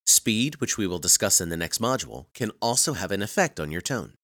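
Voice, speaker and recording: Low-voiced man reading a training course. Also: big pitch swings, brisk, fairly bright tone, no echo, studio quality. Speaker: course narrator. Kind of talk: scripted narration.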